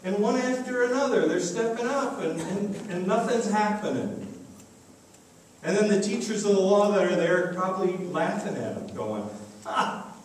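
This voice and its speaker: Preaching as pastor in a church sanctuary, a man with a high-pitched voice and lively intonation tells a story at a moderate pace, performing its characters' voices. The sound is echoey and distant-miked, with faint noise.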